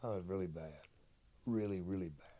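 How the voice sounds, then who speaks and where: An older man, a retired wrestler, telling stories in a casual interview, profane and animated as he acts out old conversations. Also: deep voice, fairly quick. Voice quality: gravelly, husky. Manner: profane, animated storyteller acting out quoted dialogue.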